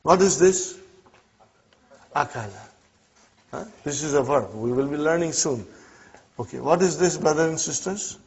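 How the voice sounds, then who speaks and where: A man's voice: on the high side, animated, normal speed, pauses often, a little mellow, breathy edge. A man teaching an Arabic class, quizzing students with short "huh?" prompts and explaining each example. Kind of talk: classroom lesson. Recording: dull lo-fi classroom recording.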